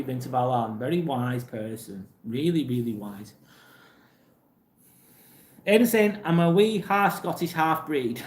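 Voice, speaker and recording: An English man talks casually and bluntly through a live stream, reading out viewers' messages and giving straight answers. His voice sits at an ordinary middle pitch. The room around him is echoey. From England. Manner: blunt, plain-spoken, swears casually. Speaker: livestream host reading chat.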